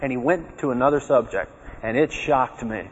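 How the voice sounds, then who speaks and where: Speaking to a crowd in a dull, echoey hall, this man tells his own testimony with energy and replays his remembered lines aloud. He has a mid-range voice with a breathy edge and keeps a moderate pace.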